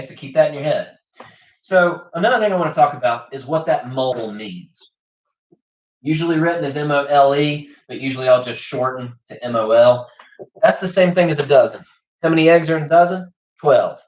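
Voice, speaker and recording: Chatty man teacher, fairly high voice, livestream lesson in an echoey room. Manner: chatty, keeps checking in with okay.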